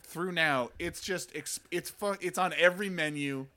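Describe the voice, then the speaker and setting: A man's voice: fairly high pitch, moderate pace, sharp tone. A man co-hosting a podcast, teasing the others in casual chat. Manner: wry, teasing banter. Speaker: podcast co-host.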